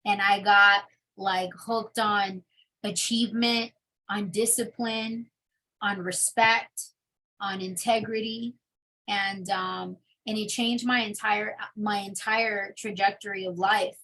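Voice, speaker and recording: A young adult woman telling her personal testimony in an interview, in a casual, animated storytelling manner. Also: medium pitch, takes it slowly. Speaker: interview guest.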